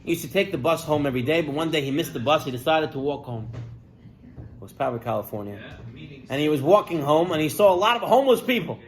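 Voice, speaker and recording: A man giving a sermon as a rabbi, telling stories with lively delivery and acting out the people in them. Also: on the high side, quick pace, poor audio. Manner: animated storyteller, acts out characters' lines. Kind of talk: sermon with storytelling.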